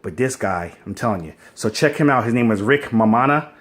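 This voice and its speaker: A man's voice: mid-range voice, expressive, brisk, fairly bright tone. A man in casual, rambling talk, unboxing a kitchen appliance at home and filming on a phone propped on a stand. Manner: laid-back, rambling, slangy. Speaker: unboxing vlogger. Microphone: phone on a wobbly stand.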